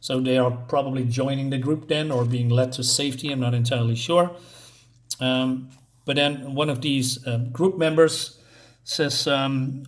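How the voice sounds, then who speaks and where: A man's voice: medium pitch, fairly even intonation, moderate pace. A man casually reviewing a comic book, walking through the panels with lots of fillers and little chuckles. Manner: rambling, many fillers, chuckles at his own jokes.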